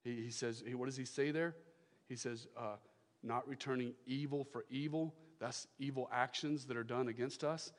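A man's voice: medium pitch, steady tone, normal speed. Emphatic male pastor preaching in a hall. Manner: emphatic, repeats phrases, swings from loud to hushed. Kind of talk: sermon.

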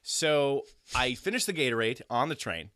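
In a clean studio recording with no echo, a man from the New York area tells a long, rambling story full of profanity. He animates it by quoting others in their own voices, speaking in a mid-range voice at normal speed, podcast-storyteller style.

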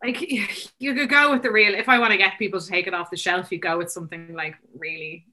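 A woman from Ireland with an Irish accent, chatting quickly as a guest, full of filler words. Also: medium pitch, fairly even intonation, pushed and bright. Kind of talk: casual conversation.

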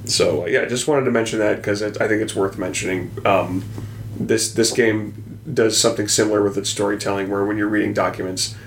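A man co-hosting a casual gaming podcast, relaxed and halting, often trailing off. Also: fairly low pitch, roomy sound, slight background noise. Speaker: podcast co-host. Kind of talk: casual game discussion.

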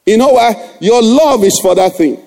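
High-pitched preaching pastor, dark tone. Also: male voice, lively intonation, normal speed, creaky. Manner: exhorting, rhetorical questions to the congregation. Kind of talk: sermon.

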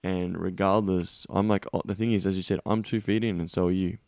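A man's voice: low-pitched, fairly even intonation, fairly quick, darkish tone, no room sound, clean studio sound. A man hosting a podcast, talking casually in an intense, emphatic way and swearing freely. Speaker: podcast host.

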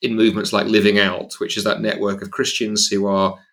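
Fairly quick and flat in delivery, this man's lowish voice is a bit bright. As an evangelist guest in a conversational podcast discussion, he speaks earnestly and emphatically, frequently starting his sentences over.

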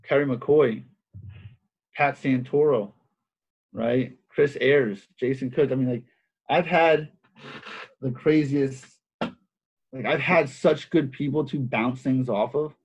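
Husky-voiced wrestling coach, dull recording. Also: male voice, medium pitch, takes it slowly, pauses often. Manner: animated, repeats phrases, many fillers. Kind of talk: casual interview storytelling. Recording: dull lo-fi sound.

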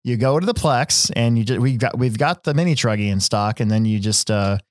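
A man's voice: medium pitch, a little fast. A man from Nebraska hosting a podcast, telling stories in a rambling casual way with lots of fillers and restarts. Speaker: podcast host. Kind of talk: casual chat.

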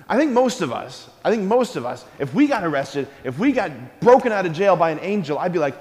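Upbeat priest guy preaching at a school mass, fairly high voice, big echoey church. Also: fast talker, hardly any pauses. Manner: energetic, engaging the congregation with call-and-response. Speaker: Catholic priest. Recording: long church reverb.

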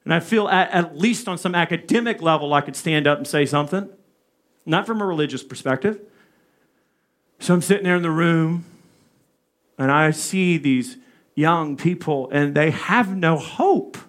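A male preacher telling a personal story in a sermon, animated and speaking asides to his listeners. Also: fairly high pitch, moderate pace. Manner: animated, acts out quoted voices, asides to the audience.

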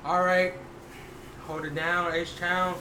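A man, a veteran, chatting casually on a podcast with quick profane reactions. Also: sits high, little pitch movement, background noise. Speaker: podcast guest, army veteran.

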